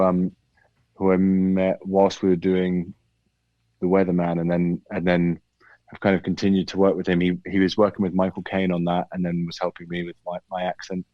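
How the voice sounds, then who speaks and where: A man with a British accent and a very low voice talks through his craft in a relaxed, thoughtful way, circling back and restarting often. The recording is dry and a little muffled. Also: no room sound. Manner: thoughtful, many restarts and hedges. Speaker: actor guest. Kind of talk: casual interview chat.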